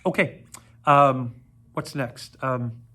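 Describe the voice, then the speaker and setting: A man's voice: medium pitch, very slow, sharp tone. A man teaching an orchestra video lesson to children, counting aloud, joking with them and demonstrating on string instruments. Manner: jokey, playful asides to kids. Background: plucked string instrument demonstrations.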